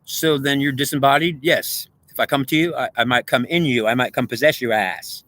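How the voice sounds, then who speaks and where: An aloof, bodiless god, as a man puts him on, answers in flat, dismissive lines. The voice is pitched a touch lower and still bright and tense. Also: a little fast, lightly acted.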